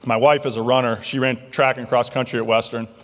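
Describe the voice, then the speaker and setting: A male keynote speaker telling stories in an animated, jokey way to a banquet crowd. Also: mid-range voice, a little fast. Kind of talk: motivational keynote storytelling. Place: large banquet hall. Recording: long reverb of a large hall.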